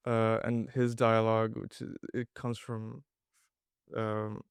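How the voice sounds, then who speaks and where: Flat-voiced Irish man, blunt and profane. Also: medium pitch, gravelly, clear, resonant tone, no echo, studio quality. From Ireland. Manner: blunt, profane, self-deprecating. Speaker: playwright guest. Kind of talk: casual interview.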